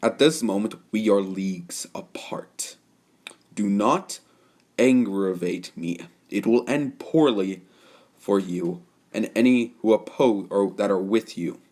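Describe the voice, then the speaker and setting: A man voicing a calm, cocky young male swordsman who speaks in a measured, quietly threatening way in a fan story. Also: lowish voice. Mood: menacing.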